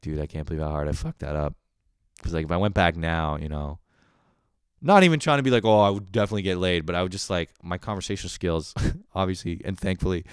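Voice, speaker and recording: A man's voice: low voice, smooth, no room sound, studio quality. A man hosting a podcast, telling a casual comedic story with lots of swearing and acting out his own panicked inner voice. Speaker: podcast host.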